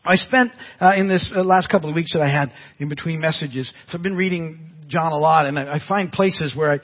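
A man's voice: a little high, a little fast. An older man preaching a sermon as pastor, telling folksy stories with frequent restarts. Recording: dull lo-fi church audio.

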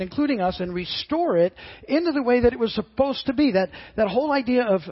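A middle-aged man preaching a sermon as pastor, earnest and halting, often repeating his words as he restarts. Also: very high voice, slightly rough, highs cut off.

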